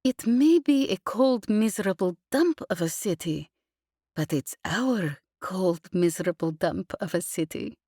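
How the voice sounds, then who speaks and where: A woman voicing a tender, fond young woman who speaks softly in an audiobook. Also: medium pitch, expressive, a little slow, dry recording, clean studio sound. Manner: soft, murmured.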